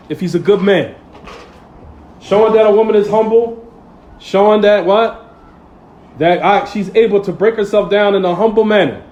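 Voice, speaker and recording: His voice sits high and a little mellow, though the audio is dull. In this Friday sermon he uses casual street English, throwing "what?" questions to the crowd for call-and-response and playing out little scenes from daily life.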